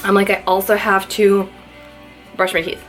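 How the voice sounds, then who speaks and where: A young woman talks her way through a quick makeup routine for a vlog, chatty and self-mocking as she works. She sounds a little out of breath, and faint music plays in the background. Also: medium pitch, monotone, fairly bright tone, low-quality recording. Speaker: beauty vlogger. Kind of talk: casual get-ready-with-me makeup chat.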